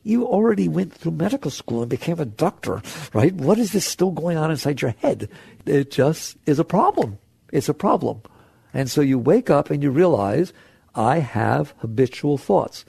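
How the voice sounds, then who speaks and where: A man's voice: fairly high pitch, sing-song, normal speed, gravelly, dark tone, husky, no room sound. A man giving an earnest spiritual talk to an audience, an author and teacher who asks frequent rhetorical questions.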